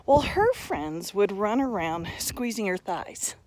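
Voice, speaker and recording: Animated, breathless woman coaching. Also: mid-range voice, slow pace, noisy background. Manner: earnest, coaching. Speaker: motivational vlogger. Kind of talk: motivational talk to camera. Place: outdoors at high elevation.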